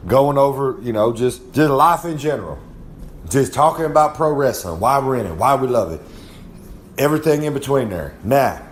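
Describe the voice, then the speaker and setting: A man's voice: medium pitch, a little hiss or hum. A young man with a Southern American accent, a wrestler talking casually in a rambling, folksy drawl and calling himself by name in the third person. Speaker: wrestler giving a podcast segment. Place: his trailer at home.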